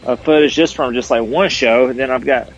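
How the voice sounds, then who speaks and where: A man's voice: mid-range voice, fairly even intonation, a little fast, soft background music. A middle-aged man, a former tour manager, chatting casually on a podcast in a rambling, laid-back way. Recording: slightly dull lo-fi audio.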